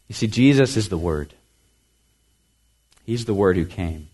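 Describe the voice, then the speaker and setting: A male pastor preaching with a somewhat low voice. He speaks earnestly, repeating words for emphasis. His voice lifts on key phrases and falls soft and quiet at the ends of thoughts. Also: lively intonation, unhurried, pauses often, slightly rough. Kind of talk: sermon.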